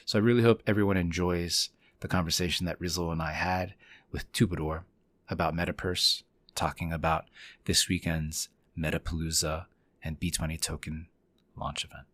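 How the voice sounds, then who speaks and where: Deep-voiced enthusiastic podcast host. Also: male voice, fairly even intonation, normal speed, fairly bright tone, no echo. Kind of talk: podcast intro and casual interview.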